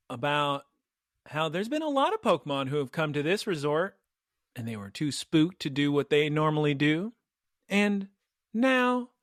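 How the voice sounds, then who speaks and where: A man with a high, bright voice recaps a cartoon episode for his co-hosts, building it up with animated storytelling. The sound is close and dry, with no room around it. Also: no room sound. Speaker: podcast host recapping an episode. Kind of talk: casual chat.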